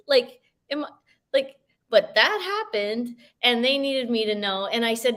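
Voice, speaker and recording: A woman's voice: on the high side, expressive, moderate pace, a bit bright. A woman life coach and author as an interview guest, telling a story animatedly and acting out the dialogue. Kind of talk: casual interview chat.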